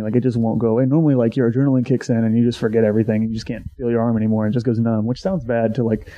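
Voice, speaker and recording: A man in his twenties, a former college pitcher, casually telling a story, swearing freely and acting out what he once said. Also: little pitch movement, fast talker, warm tone. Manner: swears freely, acts out his own past remarks. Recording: dull lo-fi sound.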